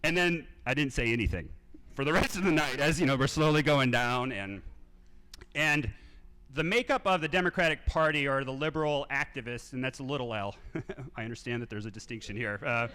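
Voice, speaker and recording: A man in his thirties telling animated stories to a live audience from a theater stage, acting out voices. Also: mid-range voice, brisk. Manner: animated anecdotes, acts out quoted voices. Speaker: speaker at a civic event. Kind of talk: storytelling talk to a live audience. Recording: reverberant theater sound.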